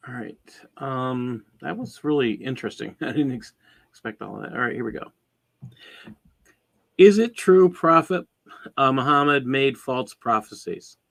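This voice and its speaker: Man briskly reading viewer questions. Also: medium pitch, lively intonation, creaky, fairly bright tone.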